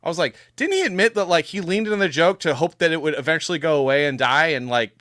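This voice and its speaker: A man's voice: on the high side, lively intonation, quick pace, a bit bright, no room sound, studio quality. A man chatting in a casual debate, joking and rambling as he talks.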